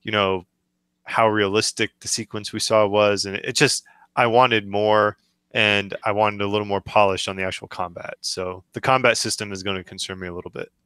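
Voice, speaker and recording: A man co-hosting a gaming podcast, giving measured, hesitant opinions in casual chat. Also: lowish voice, level tone, pushed and bright, clear, resonant tone, no room sound. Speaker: podcast co-host.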